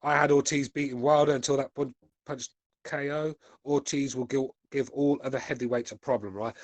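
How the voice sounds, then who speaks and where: Casting: blunt, sweary British male host, forties, mid-pitched, dry close-mic sound. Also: fairly even intonation, brisk, dry recording. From United Kingdom. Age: 40s. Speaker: podcast host reading chat. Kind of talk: casual chat.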